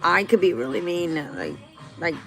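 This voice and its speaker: A woman's voice: lowish voice, big pitch swings, moderate pace, fairly bright tone, faint music behind, rough recording. A middle-aged woman talking candidly and emotionally to her viewers, answering their questions in a rambling way. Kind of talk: casual heartfelt talk to viewers.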